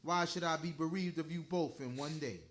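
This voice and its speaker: High-voiced man reading scripture. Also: fairly bright tone. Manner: measured, formal reading. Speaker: scripture reader.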